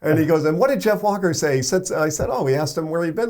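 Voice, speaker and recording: Radio guy spinning a story, does the voices of people he quotes, pretty animated. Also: quick pace. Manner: acts out quoted voices with rising pitch. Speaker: radio program director and morning show co-host.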